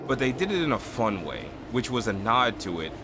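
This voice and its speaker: A man streaming in a casual chat, excitable and retelling anime scenes with big voices. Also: medium pitch, fairly quick, over music.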